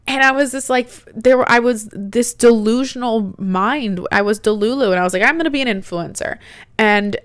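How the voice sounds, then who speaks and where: A woman's voice: fairly high pitch, normal speed, few pauses, smooth, dry recording. Chatty young woman telling her story. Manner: chatty, animated, heavy use of "like". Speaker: podcast host. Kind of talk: casual personal storytelling.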